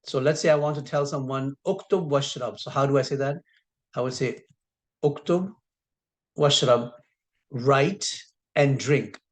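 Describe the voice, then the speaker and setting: A man teaching a recorded lesson who patiently repeats key sounds and draws words out slowly for emphasis. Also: fairly high pitch. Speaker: Arabic teacher.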